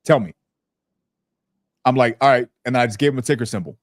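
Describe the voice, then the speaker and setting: A man hosting a casual business podcast who tells stories bluntly and profanely and slips into lively impressions of people. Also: medium pitch, very fast, no room sound, studio quality. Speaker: podcast host.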